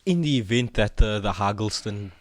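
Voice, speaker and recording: A man's voice: fairly low pitch, lively intonation, normal speed. A man co-hosting a casual football podcast, arguing his points and cutting in with "listen" and "look". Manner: argumentative, interjects with "listen" and "look". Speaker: podcast co-host.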